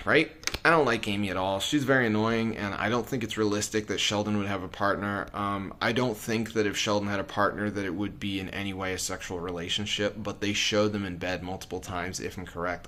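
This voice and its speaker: A man's voice: lowish voice, fairly bright tone. Rambling man reviewing toys casually. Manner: rambling, hesitant, many fillers and self-corrections. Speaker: toy reviewer.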